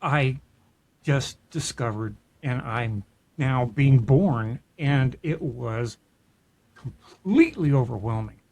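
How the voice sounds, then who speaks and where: With a medium-pitched voice, he draws out his words as he recounts a personal story on the podcast he co-hosts. The middle-aged man comes across casual, earnest and reflective, frequently starting sentences over, with soft laughs mixed in.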